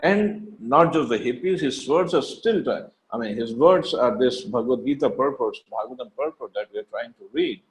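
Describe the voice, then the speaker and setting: A man teaching a devotional scripture class in an earnest, emphatic way. He circles back on his phrases, restarting and repeating words to press his points. His voice sits at an ordinary middle pitch. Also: animated, normal speed, few pauses, low-quality recording. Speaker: teacher giving a Bhagavad Gita class.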